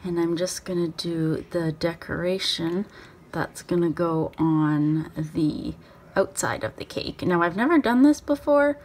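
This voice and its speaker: A woman's voice: on the low side, a little slow, a little mellow, slight background noise. A young woman chatting casually and upbeat in a daily vlog, laughing often. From Canada. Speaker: vlogger.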